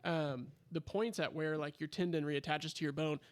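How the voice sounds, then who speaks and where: A man's voice: on the high side, fairly even intonation, moderate pace. A man, a pharmacist on a podcast, explaining health topics casually with many fillers. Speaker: pharmacist guest.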